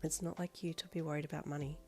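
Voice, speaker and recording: A woman voicing a deadpan, quiet teenage girl classmate who speaks low and soft. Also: fast, faint music behind. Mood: dry.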